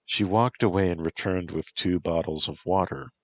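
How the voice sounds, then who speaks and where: A man narrating a story in a slow, measured reading voice with a husky tone. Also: sits low, dry recording.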